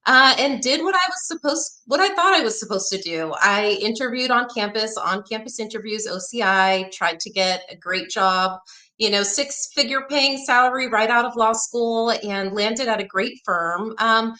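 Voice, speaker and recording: A woman lawyer gives a summit talk with a bright, forceful voice. Her delivery is direct and energetic. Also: fairly high pitch, moderate pace. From Texas, USA. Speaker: lawyer, speaker.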